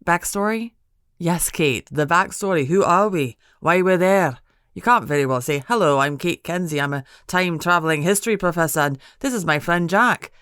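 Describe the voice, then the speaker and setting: A teasing young Scottish man, as a woman narrator puts him on, with a Scottish accent and a dry, bantering manner. The voice sits low and steady and is measured in pace. The audiobook sound is close and dry. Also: clean tone, no room sound.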